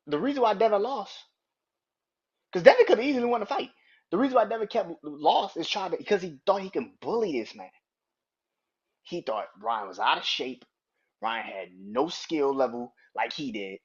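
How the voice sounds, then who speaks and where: A man's voice: mid-range voice, husky. A man hosting a solo sports podcast, ranting in a heated, profane, emphatic way. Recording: dull lo-fi recording.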